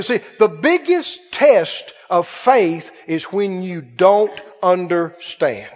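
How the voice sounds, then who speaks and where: A man preaching a sermon, swinging between hushed and loud and asking rhetorical questions. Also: sits high, very animated, slow, few pauses. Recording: dull reverberant hall sound.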